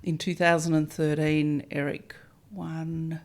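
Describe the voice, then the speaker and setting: A woman's voice: deep voice, flat delivery, slow, a little mellow. A middle-aged Australian woman from Melbourne, a winemaker, answering interview questions in a chatty, self-deprecating way with small hesitations. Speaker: winemaker, guest.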